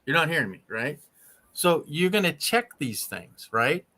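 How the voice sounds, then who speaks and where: A man's voice: fairly high pitch, very animated, measured pace, sharp tone. A man hosting an RV channel, coaching a mechanic in casual chat and constantly checking in with "right?" and "okay?". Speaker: RV channel host.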